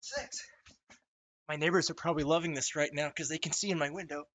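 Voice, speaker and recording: A man livestreaming casually from his desk at home, laughing often, swearing and talking excitably to his chat. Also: fairly high pitch, a little fast. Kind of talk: casual live-stream chat. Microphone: desk mic, wearing wired headphones.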